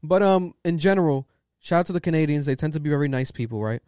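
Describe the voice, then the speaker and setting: Profane, animated male podcast host. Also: a little high, fast talker, clean tone, no room sound, clean studio sound. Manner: loose, profane, animated opinion talk. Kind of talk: casual podcast chat.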